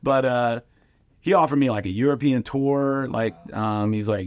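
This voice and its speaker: A middle-aged comedian, appearing as a podcast guest, tells casual stories and acts out the voices of the people he quotes. His mid-range voice moves at a moderate pace with no echo.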